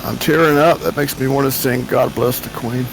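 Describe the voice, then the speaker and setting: A man's voice: mid-range voice, steady tone, normal speed, creaky, noisy background. A man cracking jokes and rambling in casual chat on a game stream. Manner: joking, rambling. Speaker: stream guest.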